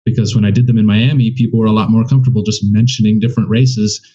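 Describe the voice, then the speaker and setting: A comedian from the United States, talking candidly and a bit rambling in a casual interview. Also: male voice, lowish voice, little pitch movement, fast talker, dark tone, slightly rough, highs cut off. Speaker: comedian guest. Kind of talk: casual conversation.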